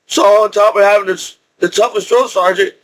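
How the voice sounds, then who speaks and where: Middle-aged man, high voice, loose rambling storyteller who laughs between lines. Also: fairly even intonation, a little fast, fairly bright tone, slight background noise. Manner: rambling, repeats and restarts, laughs often. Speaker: veteran telling his story. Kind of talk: casual storytelling.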